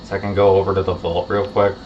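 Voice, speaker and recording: A man streaming a game, chatting casually and drifting into low mumbled asides. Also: little pitch movement, fast talker. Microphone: home streaming microphone. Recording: muffled lo-fi stream mic with faint hiss.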